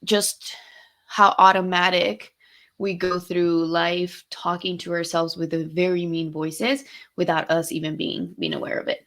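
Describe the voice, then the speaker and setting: Unhurried and expressive, this young woman's voice sits on the low side with a fairly bright tone. As a podcast co-host she tells candid stories in casual conversation, swearing freely and mixing in Spanish phrases.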